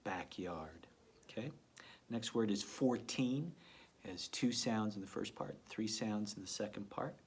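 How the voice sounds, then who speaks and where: A man whose voice sits on the low side teaches young children early reading phonics. He sounds out letters slowly and deliberately, keeping a gentle, encouraging tone.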